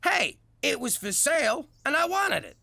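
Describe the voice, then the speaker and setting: Gravelly mob dad. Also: male voice, very high voice, wildly swooping pitch, moderate pace, dry recording, heavily acted. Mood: exasperated. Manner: exasperated, shouts then caves. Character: blustery middle-aged mob dad, soft on daughter. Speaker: strip club co-owner and father.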